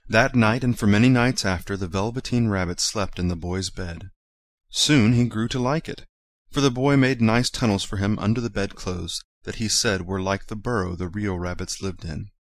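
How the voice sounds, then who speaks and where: A man reads a children's story aloud in a fairly low, gentle and measured voice. The recording is dry and close, with no room sound. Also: no echo.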